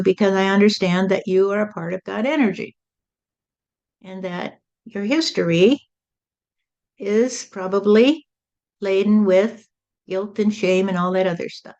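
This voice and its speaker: A woman medium giving calm, repetitive channeled spiritual teaching, often adding "you see". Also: mid-range voice, unhurried, long pauses, muffled recording.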